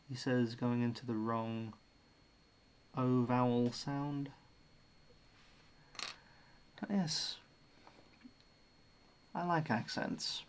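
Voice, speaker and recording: Slow-talking, easygoing Australian man. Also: medium pitch, fairly even intonation, slight background noise. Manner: chatty, muses about accents. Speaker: livestream host. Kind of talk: casual stream chat.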